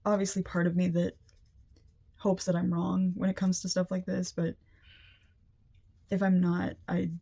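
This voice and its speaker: A woman's voice: on the low side, flat delivery, measured pace, creaky, pauses often, warm tone. A young woman giving a casual, empathetic energy reading, chatty and full of "like" fillers. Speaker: energy reader. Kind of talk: casual spiritual reading to camera.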